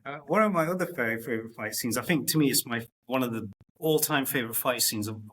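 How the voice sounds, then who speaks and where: Excited guy host geeking out in a chat, kinda husky raspy voice. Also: medium pitch, quick pace. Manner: enthusiastic fan, gushing. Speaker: interview host. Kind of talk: casual interview chat.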